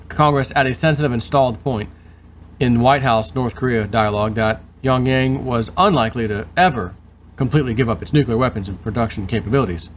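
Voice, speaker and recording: A man's voice: medium pitch, slight background noise. A man hosting his show, reading news aloud and breaking off into sarcastic commentary. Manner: reads aloud, then adds sarcastic asides. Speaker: host.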